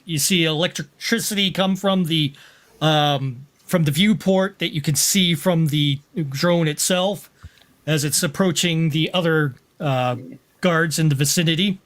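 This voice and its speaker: A man with a notably high voice narrates as game master of a tabletop game. He takes his time and restarts his sentences, slipping in short acted cries for the enemies. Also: a little slow, fairly bright tone.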